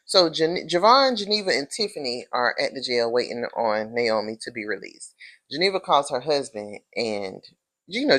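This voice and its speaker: A sassy woman talking through a TV episode in a casual recap, calling the listener honey and girl. Her voice sits fairly low but has a bright, forceful edge. She keeps it animated and jumps up into high-pitched takes on the characters. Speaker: TV episode reviewer.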